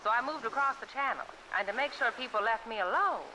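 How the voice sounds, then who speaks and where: An actress voicing a reclusive widowed woman in a point-and-click mystery game, speaking in a confiding, measured way. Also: fairly high pitch, bright, forceful tone, slight background noise, rough recording.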